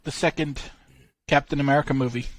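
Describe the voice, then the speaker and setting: A man's voice: mid-range voice, fairly even intonation, fast, no room sound. A man co-hosting a casual comic-book podcast, offering dry, wry commentary. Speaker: podcast co-host.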